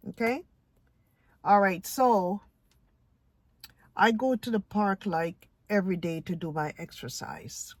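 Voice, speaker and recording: A woman's voice: mid-range voice, no room sound. A woman vlogger from Ohio, giving her opinion in an emphatic, lecturing way that repeats points. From Ohio, USA. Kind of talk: casual opinion vlog.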